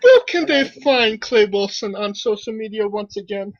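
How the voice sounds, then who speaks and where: A woman hosting a casual interview show, unhurried as she wraps up segments. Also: mid-range voice, expressive. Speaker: host. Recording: dull dry sound.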